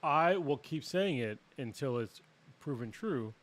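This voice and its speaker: A man with an ordinary mid-pitched voice talks bluntly in casual chat. He presses his points insistently and swears freely. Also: lively intonation, measured pace. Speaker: podcast co-host.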